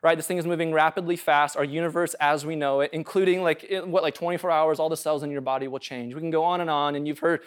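Laid-back pastor guy preaching, chatty and jokey, clear smooth voice kinda high. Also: steady tone, quick pace, hardly any pauses. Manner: casual, conversational, jokey, asks "right?" often. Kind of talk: sermon.

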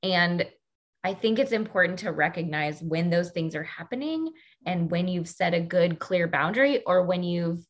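A woman's voice: on the low side, lively intonation, normal speed. A woman co-hosting a workplace talk, speaking emphatically and pushing her voice up to stress key points. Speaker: podcast co-host. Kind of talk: casual conversational discussion.

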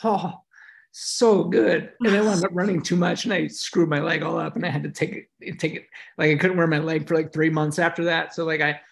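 A middle-aged man from the United States talks through his experiences in a relaxed interview. His voice is gravelly and sits slightly high, and he speaks reflectively and emotionally, with frequent fillers and restarts. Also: fast. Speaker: podcast guest, veteran and yoga teacher. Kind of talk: casual interview storytelling.

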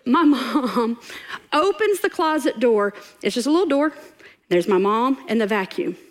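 High-voiced woman preaching. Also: measured pace. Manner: animated, laughing storyteller who acts out quotes. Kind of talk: storytelling sermon. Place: church stage before a congregation.

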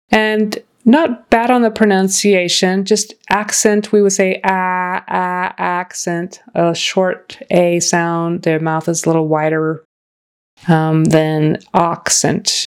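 Lady tutor, lowish voice, slow and patient, says phrases over and over. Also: fairly even intonation, smooth. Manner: patient, explains slowly, models phrases aloud. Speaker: accent and grammar coach. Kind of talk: reviewing a student's recording.

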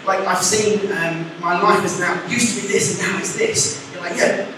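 Young male preacher, chatty and animated, distant mic in an echoey church hall with audible room noise. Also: high-pitched, moderate pace. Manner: chatty, animated, acts out quotes. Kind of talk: casual youth sermon.

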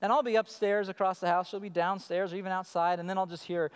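A man in his thirties preaching a sermon as pastor, telling stories in an animated way. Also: high-pitched, quick pace, hardly any pauses, clean tone. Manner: animated storytelling, acting out his child calling. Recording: long reverb of a church hall.

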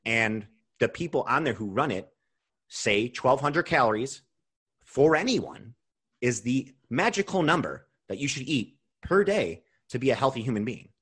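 A young man hosting a podcast as a nutrition coach, talking casually, animated and swearing freely as he rants. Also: mid-range voice, normal speed, husky.

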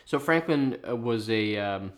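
A man's voice: mid-range voice, lively intonation, a little slow. A man co-hosting a casual history podcast, rambling and swearing as he explains. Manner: rambling, swears, restarts a lot. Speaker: podcast co-host.

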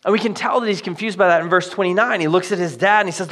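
A man's voice: sits high, racing, hardly any pauses, fairly bright tone. A man preaching a sermon to his congregation, in a conversational, earnest way with casual fillers. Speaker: pastor.

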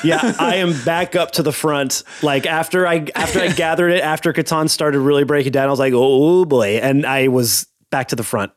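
A man's voice: a little high, steady tone, a little fast, few pauses. A man playing a tabletop game, joking playfully about his character. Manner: playful, jokey. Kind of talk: casual chat.

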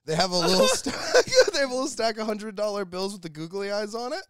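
Young man, podcast co-host, joking and swearing, bouncy pitch. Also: very animated, a little fast, no echo, clean studio sound. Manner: jokey, swearing, slips into silly impressions. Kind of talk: casual comedic chat.

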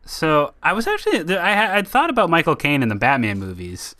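A man hosting a casual film podcast, blunt and quick to laugh, swearing freely. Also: on the high side, sing-song, sharp tone. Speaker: podcast host.

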